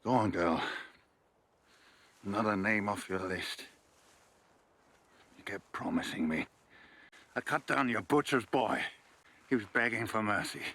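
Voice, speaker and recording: An actor playing a gruff, bitter battle-hardened warrior who speaks with harsh contempt. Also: male voice, lowish voice, measured pace, long pauses, a bit bright. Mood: taunting. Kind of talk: TV drama dialogue.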